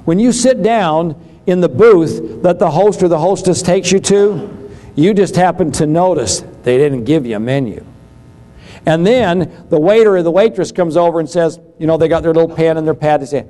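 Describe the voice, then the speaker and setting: A man's voice: high voice, brisk, dark tone. A middle-aged man giving a seminar lecture on business, folksy and fond of acting out little dialogues to make a point. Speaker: seminar speaker on taxes.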